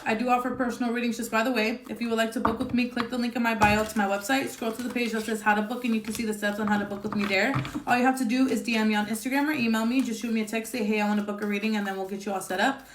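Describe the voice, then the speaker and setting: A woman's voice: on the high side, fairly even intonation, rapid-fire, few pauses, slight background noise. Blunt, swearing woman tarot reader. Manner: blunt and emphatic, swears freely, many fillers. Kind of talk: casual tarot reading monologue. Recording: echoey room.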